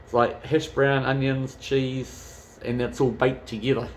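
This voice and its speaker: A man's voice: medium pitch, little pitch movement, a little slow, a little hiss or hum. Rambling, sweary man. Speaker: travel vlogger. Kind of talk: casual chat.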